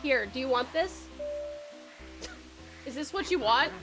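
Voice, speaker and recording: A woman's voice: sits high, animated, unhurried, music in the background. An Australian woman from Tasmania streaming a game, frantic, swearing a lot and laughing often. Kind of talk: casual gameplay commentary.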